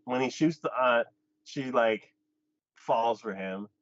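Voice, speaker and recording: A man hosting a casual anime podcast retells an episode in an animated way, speaking slowly. He acts out the characters' lines with jumps in pitch. The recording is dull, lo-fi and dry, with no echo.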